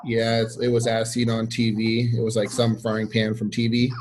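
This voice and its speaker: A man's voice: lowish voice, monotone, normal speed, darkish tone, slight background noise. A young man telling a story as a podcast guest, easygoing and a bit shy. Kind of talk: casual storytelling.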